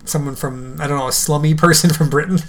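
A man's voice: fairly high pitch, fairly even intonation, quick pace, a loud crowd. A young man co-hosting a podcast in casual chat, talking in a loose, hesitant way with lots of fillers and easy laughs. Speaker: podcast co-host.

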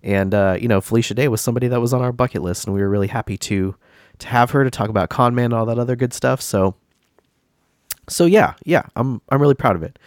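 A man's voice: mid-range voice, racing, no echo, studio quality. A man hosting a casual gaming podcast, stuffy and congested from a cold, rambling with many fillers and restarts. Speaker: podcast host.

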